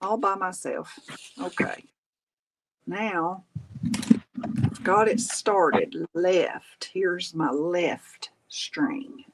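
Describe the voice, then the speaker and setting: Slow-talking Southern woman chatting. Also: on the low side, background noise. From Tennessee, USA. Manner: chatty, folksy exclamations. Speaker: craft livestream host. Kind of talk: casual chat while crafting.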